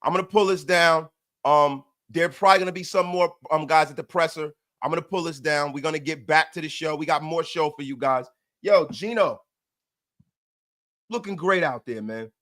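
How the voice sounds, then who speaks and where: High-pitched male streamer hosting a post-game fan show, excitable, loud and repetitive. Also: moderate pace. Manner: excitable, loud, repeats himself, banters with chat.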